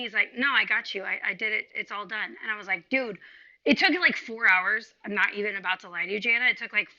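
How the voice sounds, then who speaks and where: A woman podcast co-host and real estate agent telling an animated, profane story over a video call and acting out the quotes. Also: on the high side, lo-fi sound. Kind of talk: casual storytelling chat. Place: home, remote video call.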